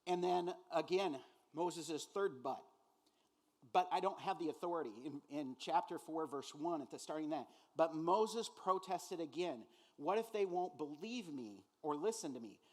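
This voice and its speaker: A man preaching a sermon as pastor, animated and conversational, acting out quoted voices and using many fillers. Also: on the high side, moderate pace.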